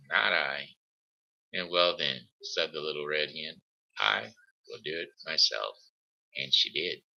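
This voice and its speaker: Man reading a children's tale aloud, halting with slips, slow, sharp edge to the tone. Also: low voice, gravelly, lo-fi sound. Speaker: host.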